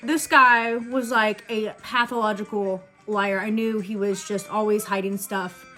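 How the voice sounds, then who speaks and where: A woman's voice: mid-range voice, little pitch movement, sharp tone, faint music behind. A young woman telling a blunt, profane story while doing her makeup in a casual get-ready-with-me vlog. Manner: quick chatty asides. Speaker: beauty vlogger.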